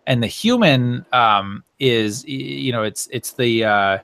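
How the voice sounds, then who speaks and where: A man's voice: mid-range voice, takes it slowly, creaky, a bit bright, no room sound. A man narrating a tabletop game as game master, rambling with many fillers and correcting himself as he goes.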